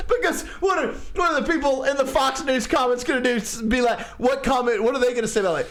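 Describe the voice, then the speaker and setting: A man co-hosting a podcast, telling stories in casual chat, animated, swearing and laughing often. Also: very high-pitched, normal speed, a little hiss or hum. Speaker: podcast co-host.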